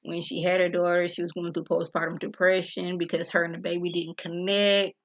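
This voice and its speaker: A woman's voice: fairly low pitch, little pitch movement, a little fast, muffled recording. A woman reviewing a TV episode in a casual, chatty vlog, talking straight to her viewers and acting out the characters' lines as she retells the scenes.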